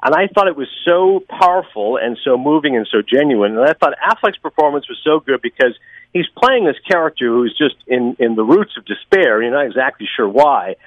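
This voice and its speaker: A man talking about films on a podcast, fast and enthusiastic, with lots of opinions. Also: medium pitch, dry recording, highs cut off. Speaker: podcast guest, film critic. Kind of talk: casual podcast chat.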